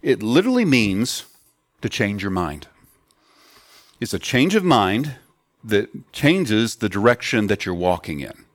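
A man's voice: fairly low pitch, big pitch swings, measured pace, pauses often, no echo, clean studio sound. A man preaching a sermon to children and adults in an earnest teaching tone, putting questions to the children. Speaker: pastor.

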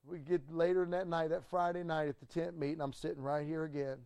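A middle-aged man, a pastor, telling a story in a sermon with animated swings from loud to hushed and stammering restarts. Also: on the high side, quick pace, few pauses, clean tone, no room sound.

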